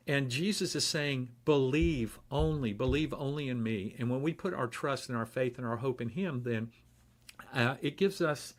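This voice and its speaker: A man giving a relaxed, conversational devotional talk in a church, with frequent pauses and fillers. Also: mid-range voice.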